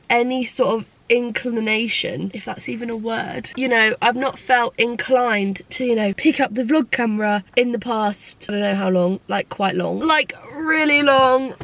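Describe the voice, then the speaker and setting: A high, light voice carries this young British woman's confessional vlog. She talks to the camera in a candid, rambling way, packs her sentences with fillers and swears freely, and sounds tearful at times. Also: a bit bright. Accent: British English. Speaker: vlogger.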